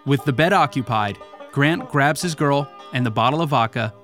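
Wry male host narrator, smooth delivery, music underneath. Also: mid-range voice, normal speed, fairly bright tone. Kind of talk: scripted narration.

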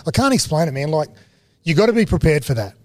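A man, a guest casually telling stories, animated and full of slang. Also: a little high, fast talker, dry recording. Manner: animated, slangy, swings into excited quoting. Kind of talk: casual storytelling.

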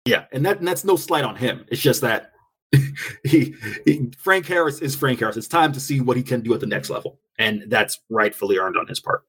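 A man's voice: medium pitch, fairly quick, a bit bright, slightly rough. A man co-hosting a casual sports podcast, loose and jokey, laughing often and tripping over his words. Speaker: podcast co-host.

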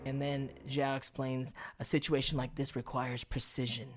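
A young man co-host recaps an episode in casual chat, an animated storyteller who acts out moments as he goes. His delivery is conversational and energetic. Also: mid-range voice, normal speed. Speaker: podcast co-host.

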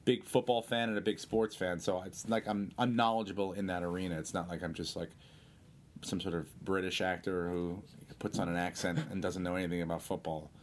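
A male comedian telling rambling, animated anecdotes in a casual interview. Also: low voice, fairly quick. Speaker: comedian guest.

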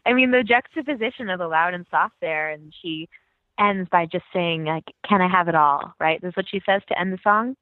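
A woman's voice: on the low side, brisk, no room sound. A woman co-hosting a podcast, chatting eagerly about music with lots of fillers and light laughs. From California. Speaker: podcast co-host. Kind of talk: casual chat about music. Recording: thin phone-like dry sound.

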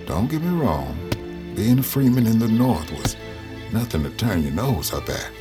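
A deep-voiced Southern father narrating. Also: big pitch swings, moderate pace, over music. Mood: reflective. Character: freed Southern Black father, reflective narrator. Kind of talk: audio drama narration.

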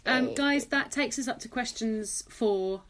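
A woman's voice: a little high, measured pace. Young Englishwoman hosting a chatty podcast. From England. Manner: animated anecdotes with laughter. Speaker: podcast host. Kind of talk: casual chat, storytelling.

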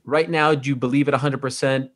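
A male interviewer with an everyday mid-range voice asks long, loose questions, circling back with "you know" and "right?". His delivery is relaxed and conversational. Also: medium pitch, quick pace. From Canada. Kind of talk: casual interview talk.

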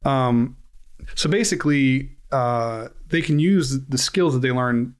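Middle-aged male host, laid-back, halting delivery. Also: medium pitch, clear, resonant tone. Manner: relaxed, hesitant, many fillers. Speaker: podcast host. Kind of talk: casual interview. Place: home during lockdown.

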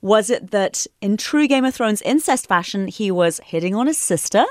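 Playful woman quiz host, very lively pitch, dry close sound. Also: normal speed, dry recording. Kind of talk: casual podcast quiz chat.

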